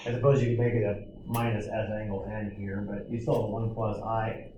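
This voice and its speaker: A mellow, lowish male voice with a level tone comes through a lo-fi recording with a little hiss or hum, speaking a little fast. He is a math lecturer giving a classroom lecture, guiding students step by step with frequent tag questions.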